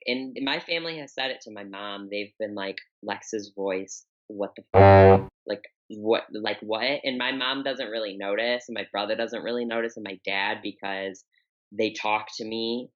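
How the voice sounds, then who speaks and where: Young woman guest, unusually deep voice, forceful tone, candid and rambling, dull lo-fi audio. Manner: open, candid, rambling with many fillers. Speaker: podcast guest, bodybuilder. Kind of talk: casual interview talk.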